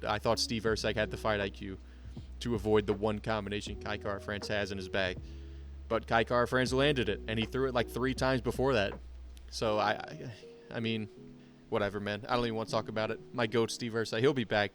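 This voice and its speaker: A man's voice: medium pitch, fairly bright tone. A young man giving a casual, blunt and profane breakdown of fight results, full of strong opinions. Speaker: MMA commentator.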